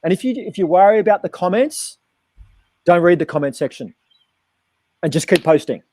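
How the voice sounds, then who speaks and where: A man speaking as a guest activist, giving blunt, forceful advice and repeating phrases. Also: sits high, lively intonation, normal speed, a little hiss or hum. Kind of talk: casual chat.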